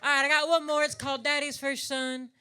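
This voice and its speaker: High-pitched and brisk with a sharp tone and little pitch movement, this Appalachian-accented singer and drag performer from Southwest Virginia rambles folksily between songs on a live venue stage. She says y'all and swears for emphasis, with slight hiss or hum in the audio.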